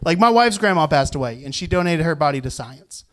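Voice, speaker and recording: A man's voice: fairly high pitch, animated, a little fast, fairly bright tone. A man performing a stand-up comedy set on a club stage, acting out quotes and laughing at his own jokes. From Virginia, US South. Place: comedy club stage before a live audience.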